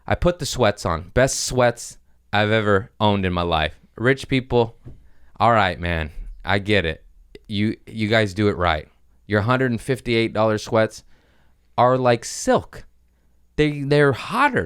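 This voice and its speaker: A man with a lowish, smooth voice speaks unhurriedly in clean studio audio with no room sound. He's a podcast host casually telling comic stories, rambling, swearing a lot, and doing animated put-on voices.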